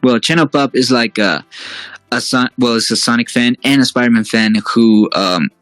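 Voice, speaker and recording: A man chatting as a guest, often pausing to restart his thoughts and hedging as he goes. His voice sits dry and close, with faint music in the background. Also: medium pitch, a bit bright, no echo, poor audio. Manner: hesitant, full of fillers and restarts. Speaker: guest, fan-series creator. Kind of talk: casual interview chat.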